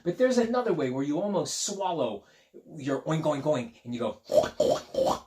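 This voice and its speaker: A man reading a picture book aloud to children, making playful, animated asides to his young listeners. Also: fairly high pitch, moderate pace, breathy edge. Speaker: children's story reader.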